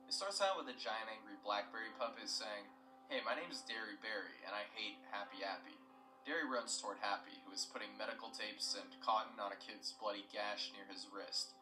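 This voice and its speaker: A man's voice: on the low side, echoey room, recorded from a distance, low-quality recording. A young man retelling a story in scripted narration, plain and matter-of-fact with asides.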